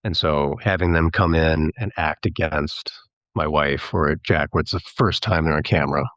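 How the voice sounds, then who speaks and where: Brief: very deep male voice, talkative filmmaker guest, dry dull lo-fi sound. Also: fairly even intonation, normal speed, fairly bright tone, no echo. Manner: chatty, rambling, slips into mimicking voices when quoting. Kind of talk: casual podcast interview.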